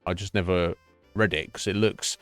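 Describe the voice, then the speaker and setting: Brief: middle-aged British streamer, low-pitched, blunt and profane, dry close mic with faint music behind. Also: male voice, steady tone, moderate pace, smooth, no room sound. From Britain. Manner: sweary, blunt, rambling with repeated restarts. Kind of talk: casual chat to stream chat.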